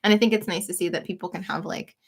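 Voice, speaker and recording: A woman's voice: on the low side, fairly even intonation, fast, vocal fry, husky. A woman in her thirties, chatting casually on a livestream, supportive, with lots of filler words. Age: 30s. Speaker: livestream co-host. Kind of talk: casual chat.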